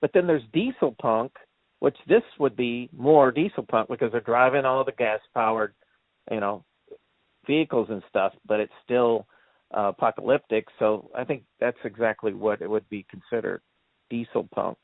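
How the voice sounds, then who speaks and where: A man's voice: mid-range voice, moderate pace, dry recording. A man co-hosting a casual movie review chat, telling stories in a rambling way and acting out quotes. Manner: rambling storyteller, acts out quotes, laughs often. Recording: tinny phone-like line, dry.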